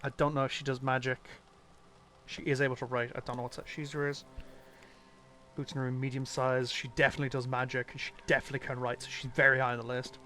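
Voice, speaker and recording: A man's voice: medium pitch, little pitch movement, quick pace, pushed and bright, slight background noise. A man streaming a detective game, casually thinking aloud and muttering through clues. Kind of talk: casual live-stream commentary.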